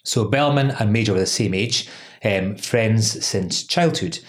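An employment lawyer hosts a casual legal podcast, speaking in a lowish voice at a measured pace. He's chatty, laughs often, and says "um" a lot.

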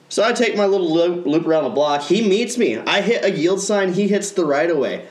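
A man's voice: high-pitched, expressive, a little fast, few pauses, reverberant. A man hosting a casual podcast, telling a story in a profane, ranting way. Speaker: podcast co-host.

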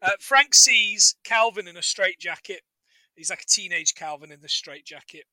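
A man's voice: high-pitched, normal speed, bright, forceful tone, no room sound, low-quality recording. A man co-hosting a casual film recap, rambling and joking and acting out lines from the movie. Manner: rambling, jokey, acts out quotes. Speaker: podcast co-host.

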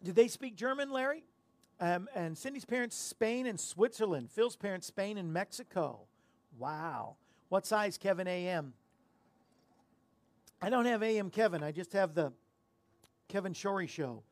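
A man's voice: high voice, lively intonation, unhurried, pauses often, dry recording. A man hosting a casual talk show, rambling and self-deprecating as he chats and tells corny jokes. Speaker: show host.

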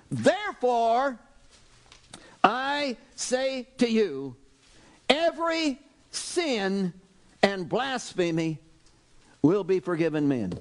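A male pastor preaching a sermon, animated and exclaiming, acting out voices from the story. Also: high-pitched.

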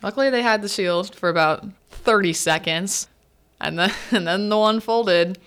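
A woman hosting a podcast, chatting casually through a movie recap, full of "like" fillers and quick asides. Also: fairly bright tone, clear, resonant tone. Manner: acts out characters' lines with pitch swings. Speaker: podcast host.

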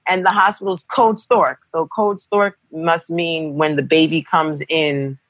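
A young woman casually telling a dramatic personal story, animated and acting out the voices of the people in it. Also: low voice, a little slow. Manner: animated, acts out quoted voices. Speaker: guest telling a birth story.

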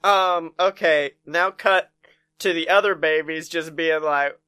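A man's voice: fairly high pitch, unhurried, clean tone. A man co-hosting a podcast, casually recapping a movie with crude jokes and frequent laughter. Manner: crude, laughing, animated storytelling. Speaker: podcast co-host. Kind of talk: casual movie review chat.

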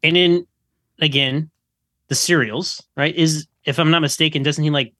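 A man's voice: a little high, steady tone, moderate pace, pushed and bright, no room sound, clean studio sound. Wry man chatting as a podcast guest. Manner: casual and wry, with a joking aside now and then. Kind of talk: casual podcast discussion.

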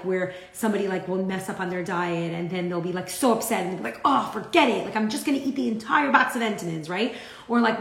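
A woman's voice: medium pitch, reverberant. A woman giving a casual Torah class, talking in a chatty way with many "like" fillers. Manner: chatty, frequent "like" fillers, acts out quotes. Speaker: Torah teacher.

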